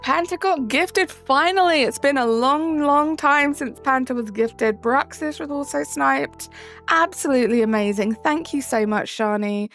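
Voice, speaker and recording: A woman's voice: sits high, a little slow, a bit bright. Bubbly English woman greeting chat. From England. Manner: bubbly, greets chatters by name, sing-song rising endings. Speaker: streamer. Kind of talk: live-stream chat with viewers. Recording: faint music behind. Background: faint background music.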